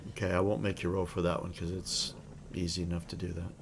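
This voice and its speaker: A man narrating as game master of a tabletop role-playing game, relaxed and with frequent fillers. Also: deep voice, fast, noisy background.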